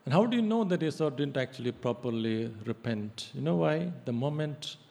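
A male pastor giving a sermon, emphatic and halting, with frequent hesitations. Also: medium pitch, lively intonation, vocal fry, a little mellow. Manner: emphatic preaching with many hesitations. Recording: long reverb of a hall.

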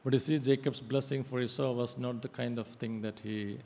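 A male pastor giving a sermon, emphatic and halting, with frequent hesitations. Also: mid-range voice, steady tone, dark tone. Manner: emphatic preaching with many hesitations. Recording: long reverb of a hall.

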